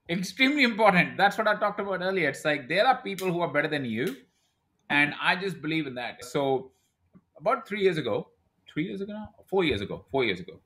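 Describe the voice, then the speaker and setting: Male guest, 30s, quick and lively, talks in anecdotes. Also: medium pitch. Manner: animated storyteller who acts out quoted dialogue. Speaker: podcast guest, e-commerce brand owner. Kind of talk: casual interview talk.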